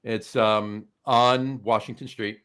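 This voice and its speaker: A man's voice: on the low side, fairly even intonation, slow pace, a bit bright, clear, resonant tone. Rambling man. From New Jersey. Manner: rambling, many fillers and restarts, tells stories. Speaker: host. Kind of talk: casual chat.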